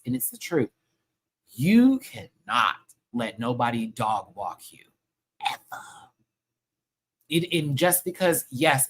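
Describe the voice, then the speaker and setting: A man's voice: fairly high pitch, a bit bright. A man hosting a live review show, ranting in a sassy, heated and profane way full of slang. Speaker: show host reviewing a TV episode.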